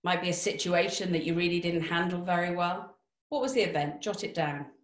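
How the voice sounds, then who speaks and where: Woman running a motivational webinar, lively and direct, tosses questions at you, echoey room. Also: on the low side, brisk. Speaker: webinar speaker.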